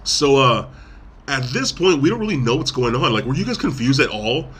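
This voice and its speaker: A male podcaster with a medium-pitched, slightly bright and slightly rough voice talks fairly quickly in a sing-song way. He rambles through a relaxed movie recap, performing quotes in between.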